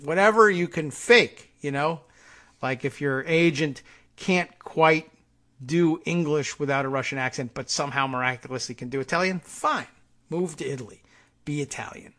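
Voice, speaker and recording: Male podcast host, sardonic rambling commentary, bright tense voice, somewhat high pitch. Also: normal speed. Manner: sardonic, digressive, many fillers.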